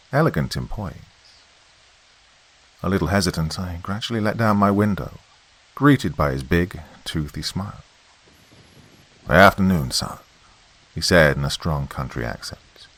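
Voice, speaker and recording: A man narrating a horror story in a dramatic, deliberate storytelling manner as the host of his show. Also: sits low.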